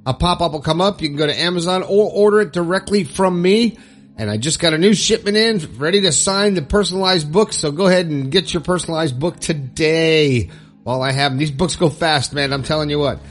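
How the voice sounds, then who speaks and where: A man's voice: fairly high pitch, a little fast, soft background music. A man hosting his own podcast, talking in a chatty, upbeat, folksy way. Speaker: podcast host. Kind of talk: casual solo podcast talk.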